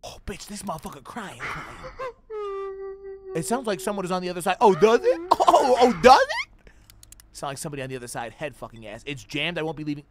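A young man streaming a horror game, reacting loudly with swearing, sudden shouts and jokes at his chat. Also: fairly high pitch, fast, very noisy. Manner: loud, profane, excitable reactions with sudden shouts; trash-talking, joking with chat. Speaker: gaming streamer. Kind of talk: livestream gameplay commentary.

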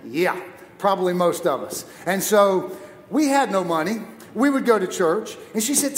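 High-voiced male preacher in echoey hall. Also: moderate pace. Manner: lively personal storytelling with humor. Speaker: guest preacher. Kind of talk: sermon. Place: church auditorium.

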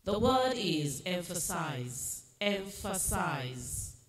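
A woman serving as a spelling bee pronouncer, reading each word slowly and firmly telling children when they are not correct. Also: mid-range voice, sing-song. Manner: slow, deliberate pronunciation, firm instructions. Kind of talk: reading words and judging spellings. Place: school competition hall. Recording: echoey hall, faint noise.

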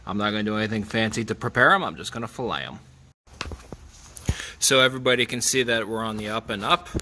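A fishing charter captain, a man, casually explaining as he cooks in his home kitchen, plain-spoken and relaxed as he works. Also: fairly low pitch, quick pace, slight background noise. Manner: plain-spoken, relaxed, talks while working. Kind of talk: casual how-to cooking vlog.

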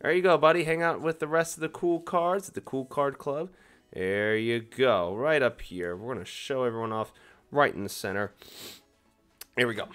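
Lively, chatty young man opening packs. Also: medium pitch, moderate pace. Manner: chatty, excitable, playfully teasing the cards. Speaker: card-opening video host. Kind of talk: casual commentary while opening packs.

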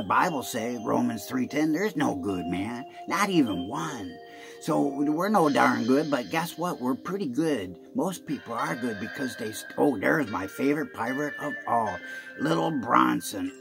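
Slow, gravelly man with music behind. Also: mid-range voice. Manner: rambling, playful, with pirate talk. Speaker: video preacher. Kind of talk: rambling homemade video sermon.

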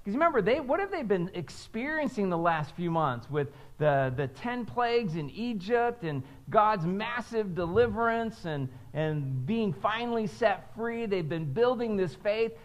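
Male pastor, high animated delivery, unhurried, chatty sermon with call-and-repeat lines. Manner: conversational preaching with frequent "right?" check-ins; has the congregation repeat phrases back.

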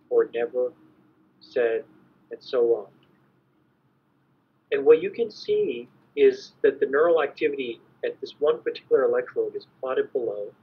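A man giving a measured, explanatory academic lecture as an invited conference speaker. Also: medium pitch. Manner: measured, explanatory, clears throat at times. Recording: dull lo-fi recording.

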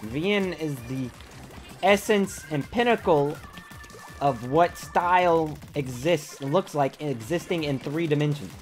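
A man streaming a live game, talking in a theatrical way that swings from low mumbles to sudden yells. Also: slow pace, soft background music.

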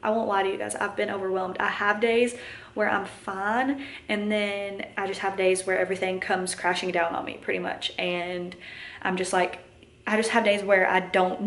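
A woman's voice: mid-range voice, fairly bright tone, echoey room, slight background noise. A young woman vlogging as a mom at home, chatty and candid, a bit tired, laughing often, talking to the camera. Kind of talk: casual vlog chat to camera. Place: home, indoors. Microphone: camera mic.

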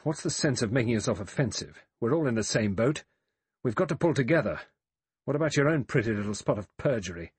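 A man voicing a cool, sharp-tongued adventurer in an audiobook, quick and sardonic. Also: mid-range voice, expressive, slightly rough, no room sound, pitched above the performer's own voice. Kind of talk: audiobook character voice.

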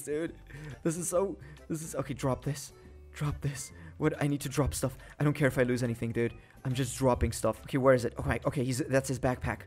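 A young man with a middle pitch narrates his gameplay in easy slang. He swings quickly into loud, panicky pleading when things go wrong. Faint game music sits under his voice. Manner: excitable, panics and pleads loudly in danger; casual slang, says "dude" and "mate". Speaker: gaming YouTuber. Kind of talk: gameplay commentary.

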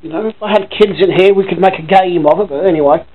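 A man's voice: high-pitched, fast, phone-quality sound. A man with a Norfolk accent rambling casually in a home vlog, chatty and swearing offhandedly. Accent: Norfolk English. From Norfolk, England. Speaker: vlogger. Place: at home by his computer.

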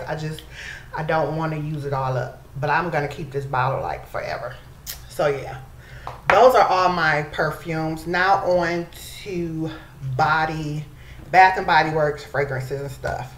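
Her voice sits low and moves at a normal speed as this beauty vlogger talks casually to camera, addressing viewers as y'all. There's an echoey room sound and some faint background noise.

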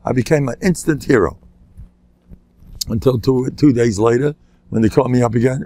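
A man's voice: medium pitch, moderate pace, long pauses, mellow, no room sound. An older man, a rabbi, telling anecdotes in a lecture, laughing at his own jokes and acting out the voices of people in his stories. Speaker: rabbi giving a talk.

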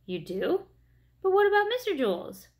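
A woman reading aloud and voicing a shy, earnest schoolboy with a crush on his teacher, speaking up high when flustered. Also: very animated, normal speed. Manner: flustered, raised voice.

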